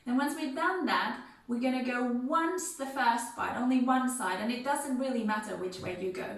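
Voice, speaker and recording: A woman instructor leading a gentle seated music and movement class, counting beats and chanting rhythm syllables. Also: on the high side, normal speed, recorded from a distance. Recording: very echoey room, voice from off-mic, faint music.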